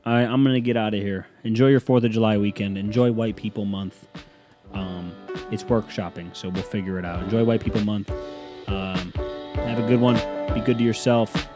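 A man's voice: on the low side, steady tone, normal speed, over loud music. A man hosting a podcast, telling a funny story in a rambling, self-mocking way with sudden angry rants. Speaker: podcast host. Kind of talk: casual comedic storytelling. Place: bedroom with a fan running.

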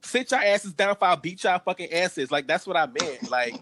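A man's voice: a little high, animated, quick pace, bright, forceful tone, dry recording. A man voicing a brash, defensive woman celebrity with a sassy, exaggerated drawl.

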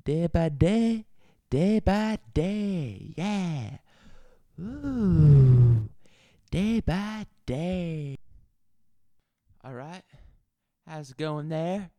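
A man's voice: mid-range voice, expressive, a little slow, gravelly, a little mellow, no echo, clean studio sound. A man voicing a crude, rambling male bar owner with a put-on Southern accent who swears a lot. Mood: fiddling, chatty. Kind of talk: improvised character comedy.

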